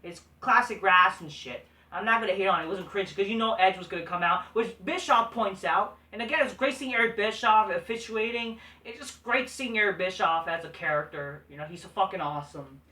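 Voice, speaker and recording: A man's voice: high voice, a little fast, hardly any pauses, bright, forceful tone, far from the mic. A man hosting a casual recap show, talking in a blunt, profane, dismissive way. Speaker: host. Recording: echoey room, voice set back from mic.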